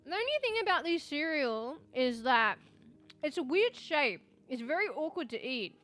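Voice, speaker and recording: A woman's voice: high voice, sing-song, normal speed, fairly bright tone. A woman streaming live, chatting casually with viewers while eating, swearing often. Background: faint music.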